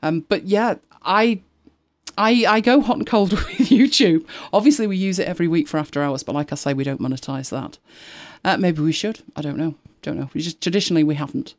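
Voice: mid-range voice, a little fast, dry recording, studio quality. A host of a tech live show chatting casually, rambling with frequent restarts and exasperated asides. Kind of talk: casual chat.

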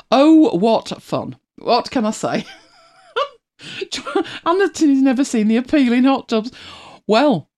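This middle-aged woman's voice sits on the high side with a darkish tone. Hosting a relaxed chat where she reads listener comments, she rambles and often laughs, with a mild accent from her native Manchester, England.

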